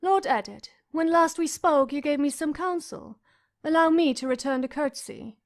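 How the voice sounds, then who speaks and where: A woman voicing a cold, scornful queen in an audiobook, speaking haughtily with a raised pitch. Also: animated, moderate pace. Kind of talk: audiobook character voice.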